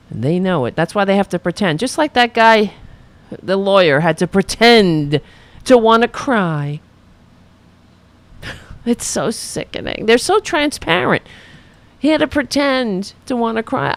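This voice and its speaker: A woman's voice: lowish voice, expressive, unhurried. A woman hosting her own political commentary show, speaking in an impassioned, rallying way and repeating slogans.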